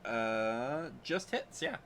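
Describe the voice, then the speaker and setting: A man running a tabletop role-playing game as game master, narrating in a relaxed, rambling way with fillers and chuckles. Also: mid-range voice, drawn-out words, crowd noise.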